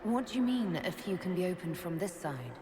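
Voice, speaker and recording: A woman's voice: lowish voice, very animated, moderate pace, background noise. A woman voicing a determined woman leader in a video game, asking direct questions. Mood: inquiring.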